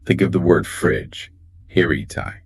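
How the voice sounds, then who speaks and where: A man's voice: deep voice, expressive, normal speed, a little hiss or hum. A man co-hosting a scripted English exam lesson, explaining phrases and pronunciation in an emphatic, explanatory way. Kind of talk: scripted two-host lesson dialogue.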